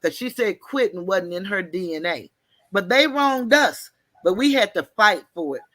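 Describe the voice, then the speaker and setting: A woman telling a story in an animated, folksy way, mixing slang and cussing. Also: medium pitch, normal speed, no room sound. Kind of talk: casual storytelling.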